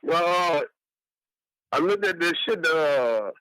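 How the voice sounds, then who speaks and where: Bright, higher-voiced male caller ranting. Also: slow, clear, resonant tone, no echo, rough recording. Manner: animated, profane, ranting. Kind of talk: casual call-in rant.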